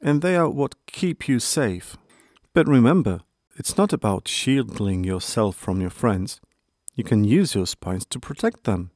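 A man voicing a calm, caring father hedgehog who speaks tenderly and soothingly. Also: mid-range voice, measured pace, dry recording, clean studio sound.

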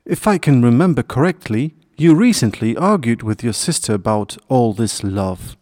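A small, earnest hedgehog frets in a raised, plaintive voice, put on by a man reading a storybook. His lines swing up and down with feeling and quickly turn indignant. The sound is dry and close. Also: medium pitch, animated, a little mellow, no echo, lightly acted.

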